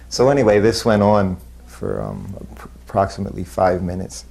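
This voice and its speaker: A man unhurriedly recalling his years as a disciple, self-deprecating and chuckling softly. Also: lowish voice, steady tone, vocal fry. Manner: unhurried, self-deprecating storytelling with soft laughs. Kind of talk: spoken reminiscence.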